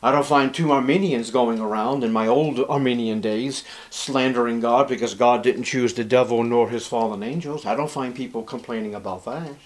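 A man preaching as pastor, emphatic, rising loud on key words and dropping low and soft. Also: moderate pace, few pauses. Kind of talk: sermon.

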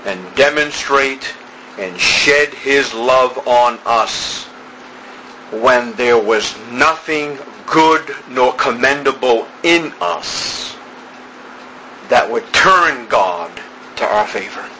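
A man preaching an evening sermon, slow and emphatic, building through repeated phrases. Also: mid-range voice, lively intonation, pushed and bright, slight background noise, rough recording.

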